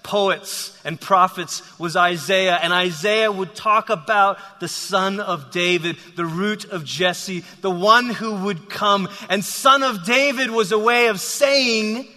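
A man's voice: sits high, slow pace, bright, forceful tone. A man preaching a sermon, telling a story animatedly with frequent restarts. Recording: long hall reverb.

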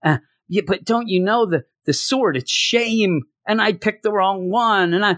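A man casually reviewing a comic, joking and acting out characters' lines in quick voices. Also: sits high, no room sound. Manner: animated, jokey, acts out characters in quick voices. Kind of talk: casual solo review chat.

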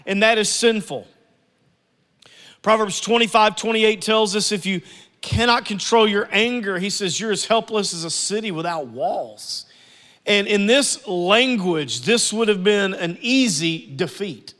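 A man's voice: sits high, expressive, a little slow, a bit bright, long reverb tail. A man preaching an earnest, conversational sermon with repeated phrases.

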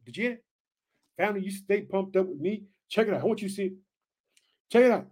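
A man preaching an energetic Bible study sermon, reading scripture aloud and commenting, fired up and calling his listeners family. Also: sits high, fast talker.

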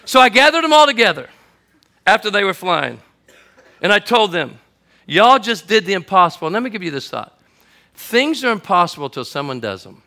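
Bright-voiced man preaching a sermon. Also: high-pitched, normal speed, gravelly. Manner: lively storyteller, builds to shouting at the climaxes. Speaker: pastor. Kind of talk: sermon with a comic story. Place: church auditorium before a congregation.

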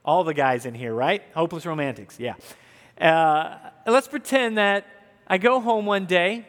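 A man's voice: on the high side, measured pace, fairly bright tone. A man in his thirties from the American South, preaching a sermon in an earnest, conversational way with asides to the congregation. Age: 30s. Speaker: pastor. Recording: long hall reverb.

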